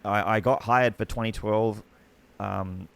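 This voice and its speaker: An Australian man, a guest esports commentator, telling rambling, excitable stories in casual chat. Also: on the low side, a little slow, creaky. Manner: rambling, excitable anecdotes with many restarts.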